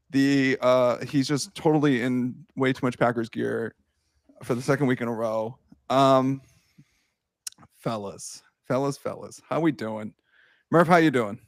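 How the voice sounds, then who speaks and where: A young man hosting a casual sports podcast, excitable and quick to swear and laugh. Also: mid-range voice, dry recording, clean studio sound. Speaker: podcast host.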